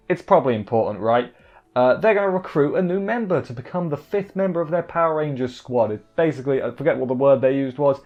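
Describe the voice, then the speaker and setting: A man's voice: medium pitch, highs cut off. A man casually recapping an anime episode, rambling with frequent restarts and asides. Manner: rambling, self-interrupting, quick asides. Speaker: anime reviewer.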